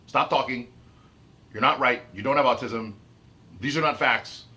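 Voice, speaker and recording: A man's voice: medium pitch, moderate pace, long pauses, bright, forceful tone. A man ranting about his autism in an unscripted vlog, heated and emphatic, repeating and restarting his phrases. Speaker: autistic vlogger. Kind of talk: unscripted rant to camera.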